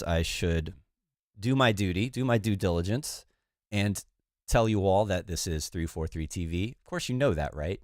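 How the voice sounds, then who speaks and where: A man hosting a music production livestream, congested and low on energy, talking in a relaxed, rambling way with many fillers. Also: dry recording, studio quality. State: congested, recovering from illness. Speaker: livestream host. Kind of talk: casual livestream chat.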